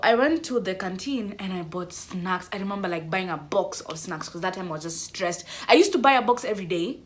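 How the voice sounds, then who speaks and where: A young woman telling a funny story from school in an animated, dramatic way. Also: medium pitch, a little fast, a little hiss or hum. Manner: animated, dramatic, laughing a lot. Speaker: vlogger. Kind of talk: storytime vlog.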